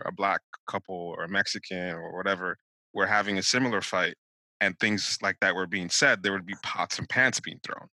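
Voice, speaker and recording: A man talking in a casual discussion, reflective and measured, thinking aloud as he goes. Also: fairly low pitch, sharp tone, no echo, poor audio. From United States.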